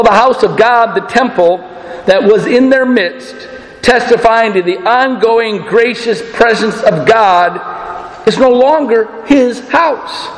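A man preaching a sermon as pastor, emphatic and deliberate, with rhetorical questions. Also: high voice. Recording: echoey room with long reverb.

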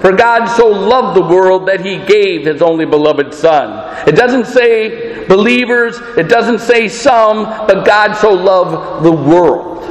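Guy preaching a sermon, pretty high voice, lots of echo like a big church. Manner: earnest, emphatic preaching with rhetorical questions. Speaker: pastor.

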